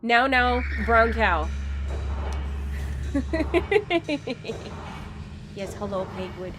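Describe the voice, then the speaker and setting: Slow-talking playful woman streamer. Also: on the high side, very animated, noisy background. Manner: playful, rambling, laughing asides. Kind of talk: casual gaming stream chat.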